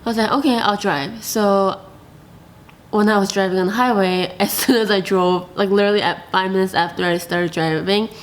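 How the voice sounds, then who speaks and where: A woman vlogger with a medium-pitched voice tells the camera a personal story. She's chatty and animated, packing in fillers and quoted asides.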